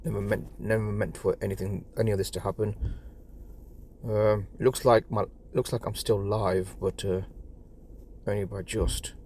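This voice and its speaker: A man's voice: fairly low pitch, little pitch movement, moderate pace, a little mellow, a little hiss or hum. A man with an English accent chatting casually on a live stream from his phone, stumbling over his words and repeating himself. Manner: stammering, repeats words, rambling and apologetic.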